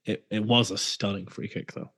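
A man with a somewhat low voice trades wry, deadpan remarks with his co-host on a casual podcast. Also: moderate pace. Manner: dry, wry banter. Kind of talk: casual football podcast banter.

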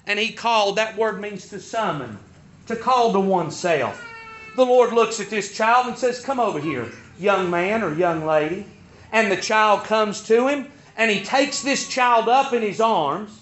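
A man's voice: high voice, a bit bright, lo-fi sound, slight background noise. A man preaching a sermon, stressing points by repeating words.

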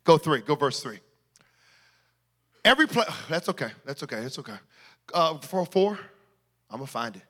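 A male pastor preaching a sermon, shouting in sing-song bursts and then dropping to quiet asides. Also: a little high, very animated, moderate pace, pauses often.

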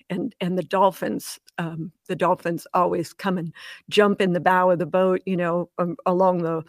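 Interview guest, woman, animated storyteller who laughs easily, dry close recording. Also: fairly low pitch, no room sound. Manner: animated storyteller, laughs often, acts out voices. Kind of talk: storytelling in casual conversation.

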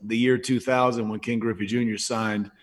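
A man's voice: medium pitch, little pitch movement, moderate pace. A man in his forties co-hosting a podcast, rambling through stories in casual chat and swearing freely. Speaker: podcast co-host.

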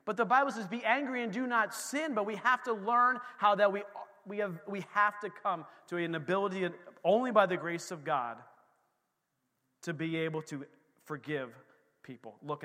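A middle-aged male pastor preaching a sermon with fervor, swinging between shouts and quiet asides. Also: a little high, fairly even intonation, normal speed, in a large hall.

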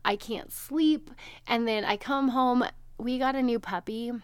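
A woman's voice: a little high, measured pace, smooth, dry recording. A woman in her thirties hosting a podcast, talking candidly to her listeners in a chatty way and often laughing as she speaks. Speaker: podcast host. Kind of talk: personal chat to listeners.

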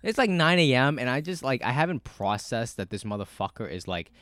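A man telling a story in casual podcast chat, cursing a lot, with many fillers and animated bursts. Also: medium pitch, a little fast, no echo. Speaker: podcast co-host.

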